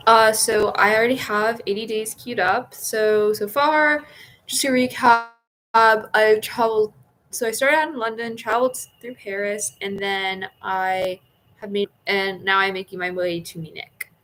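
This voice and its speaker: Woman gamer, mid-pitch, casual playthrough narration, stop-start reading, faint noise behind. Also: fairly even intonation, fairly bright tone, poor audio. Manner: halting, self-correcting as she reads. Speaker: gaming vlogger. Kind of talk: casual game playthrough commentary, reading game text aloud.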